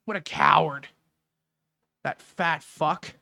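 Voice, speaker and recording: A Canadian podcast host rants solo into a studio mic with a windscreen, crude, sarcastic and rambling. His voice sits fairly high and is gravelly, with a sharp tone and fairly even intonation, and he speaks slowly. There's no room sound at all.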